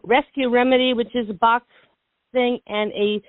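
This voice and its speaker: A woman's voice: on the high side, fairly even intonation, normal speed, no room sound. Breathless, anxious woman caller, stumbling, heard over a tinny phone line. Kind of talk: call-in radio talk.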